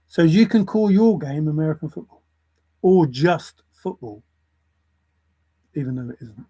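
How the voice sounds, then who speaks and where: A man's voice: fairly high pitch, measured pace, pauses often, warm tone, breathy edge, rough recording. A man ranting to camera in a lecturing way, repeating his points for emphasis. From England. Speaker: vlogger. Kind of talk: opinion rant to camera.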